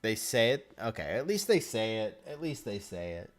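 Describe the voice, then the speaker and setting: A man's voice: on the low side, sing-song, moderate pace, faint music behind. A man hosting a casual live stream, chatting with viewers and reacting as he goes.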